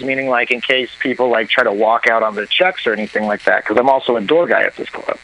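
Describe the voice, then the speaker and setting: A man telling a long comic story on a talk show, animated and profane, acting out what others said. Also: medium pitch, quick pace, few pauses, rough recording. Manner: animated, profane, acts out quoted voices. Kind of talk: casual storytelling.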